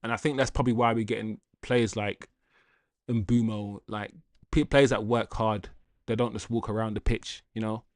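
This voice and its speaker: A man's voice: lowish voice, normal speed, no room sound, clean studio sound. Slangy man hosting a livestream. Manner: animated, slangy, laughs and rambles. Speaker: host of a football livestream. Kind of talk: casual livestream chat, reading viewer comments.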